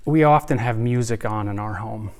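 A man in his thirties preaching a sermon, earnest, dropping to hushed lines and building to emphatic peaks. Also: fairly low pitch, moderate pace. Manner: earnest, swings between soft hushed lines and rising emphasis. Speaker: pastor.

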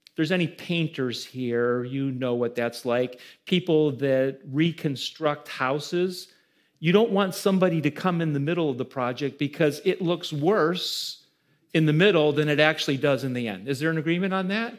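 Male pastor, high voice, preaching with rising emphasis and questions to the room. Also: normal speed. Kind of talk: sermon.

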